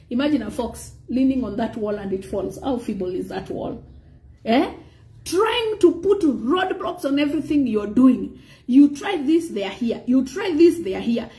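Woman preacher, high lively voice, mellow tone, animated sermon. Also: normal speed. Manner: animated preaching, mixing in Swahili phrases and frequent "praise God".

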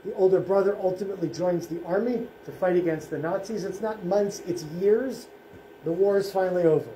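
A man, a rabbi, giving a solemn presentation at a school in short, measured phrases. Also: high voice, warm tone, slight background noise. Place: school room. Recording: echoey room, faint ambience.

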